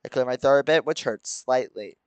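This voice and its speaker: A man's voice: mid-range voice, a little fast, clean tone, dry recording. A young man streaming live as he reads a visual novel aloud, breaking off into chuckles and joking asides. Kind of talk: live let's-play commentary mixed with reading aloud.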